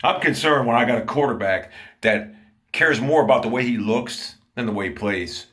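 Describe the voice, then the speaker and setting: A man's voice: mid-range voice, moderate pace, a bit bright. A man from Ohio ranting angrily and profanely about his football team. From Ohio, USA. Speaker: sports commentator. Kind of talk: angry fan rant.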